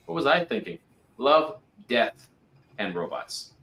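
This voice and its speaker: A man's voice: mid-range voice, sing-song, measured pace, creaky, bright, forceful tone. Eager man in an echoey room. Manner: enthusiastic, recommends things eagerly. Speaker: guest. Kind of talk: casual chat.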